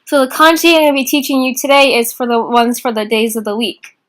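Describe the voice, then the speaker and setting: A young woman teaching a casual beginner class in an informal, chatty way, slowing down to repeat phrases. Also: fairly high pitch, little pitch movement. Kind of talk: casual online lesson.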